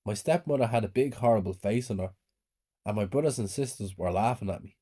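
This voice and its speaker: A man calmly narrating a scripted first-person horror story. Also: on the low side, a little fast, breathy edge.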